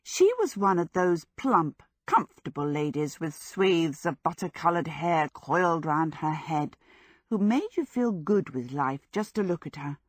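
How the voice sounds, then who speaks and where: A woman narrating a novel as an audiobook in a measured, expressive reading. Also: low voice, no room sound, clean studio sound. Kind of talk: scripted narration.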